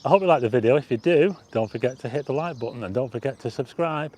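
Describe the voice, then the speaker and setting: A man's voice: mid-range voice, fast talker, darkish tone, breathy edge. A man hosting a live walking vlog in a city park, chatting loosely to viewers and greeting them as he goes, on a plug-in mic attached to a phone. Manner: chatty and rambling, greets viewers and reads out chat. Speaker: livestream host. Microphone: plug-in mic on a phone with a stabilizer.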